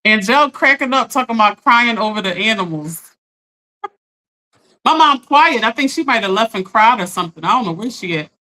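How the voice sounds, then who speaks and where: A woman life coach in casual live-stream chat, animated, laughing often and talking straight to her viewers. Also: on the high side, moderate pace, poor audio.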